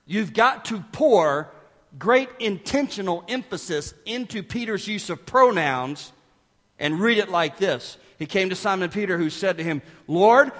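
High-voiced preacher in an echoing hall. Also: male voice. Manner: emphatic, swings from loud to hushed asides. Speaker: pastor. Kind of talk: sermon.

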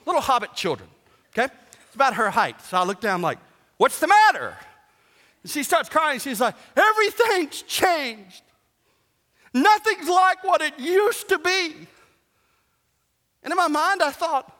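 A man preaching a sermon as pastor, animated and joking, swinging from hushed asides to shouts. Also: sits high. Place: church sanctuary. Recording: long hall reverb.

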